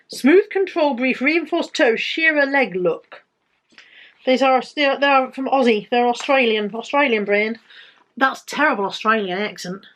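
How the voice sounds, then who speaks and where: British woman, casual haul vlogger, higher-pitched, rambling and self-correcting. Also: a little hiss or hum. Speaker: resale vlogger.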